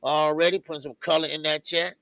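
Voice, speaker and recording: A man's voice: fairly high pitch, vocal fry, no echo. A man co-hosting a live boxing talk stream, chatting casually and greeting viewers one by one in the chat. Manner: shouts out viewers with lively, drawn-out greetings. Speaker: boxing show co-host.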